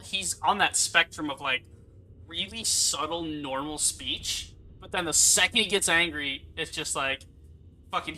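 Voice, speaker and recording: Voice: medium pitch, pushed and bright, rough recording. A gaming streamer giving casual live commentary, rambling, swearing freely and laughing often.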